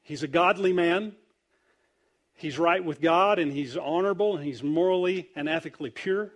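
High-voiced preacher, animated and playful. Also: male voice, moderate pace. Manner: animated storytelling, acts out quoted voices, wide swings in loudness. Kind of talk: humorous sermon.

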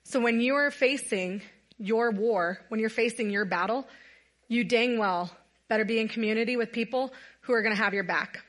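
A woman's voice: fairly high pitch, normal speed, fairly bright tone. A woman giving a casual, earnest sermon to a gathered audience, telling a Bible story conversationally. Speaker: women's night speaker.

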